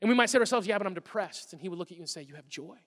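A man's voice: sits high, very fast, fairly bright tone. A middle-aged man preaching a sermon as a pastor, conversational and then building to emphatic bursts. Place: church hall. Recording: live sermon with long hall reverb.

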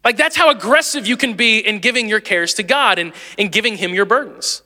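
A man in his late thirties, the lead pastor, preaching a sermon in a chatty, animated way and laughing easily. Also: high voice, a little fast, big-room sound. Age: 30s.

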